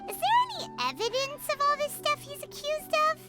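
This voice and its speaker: A woman voicing a tiny floating female companion in a video game, with a high, squeaky and bouncy voice. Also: animated, fairly quick. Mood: curious. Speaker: travelling companion. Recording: game dialogue over music.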